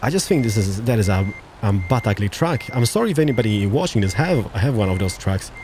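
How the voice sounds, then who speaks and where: Man, let's-play commentary, lively swooping pitch, chatty and joking, faint truck sounds behind. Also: fairly quick, noisy background. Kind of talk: casual gameplay commentary.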